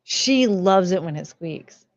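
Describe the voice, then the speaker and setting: A woman's voice: fairly low pitch, animated, takes it slowly, no room sound. Young woman streamer chatting, baby talk to her dogs, dry dull mic. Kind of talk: casual chat with pets and chat.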